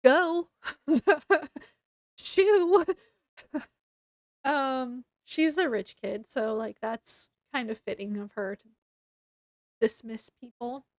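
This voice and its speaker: A woman's voice: a little high, slow pace, no echo. A young woman casually retelling a novel's plot for a book review, chatty, with frequent fillers and laughs.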